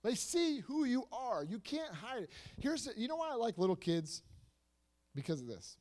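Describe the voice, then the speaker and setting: A man preaching to a youth group, animated and repetitive, swinging between soft asides and loud emphasis with lots of rhetorical questions. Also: very high voice, moderate pace. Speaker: youth speaker.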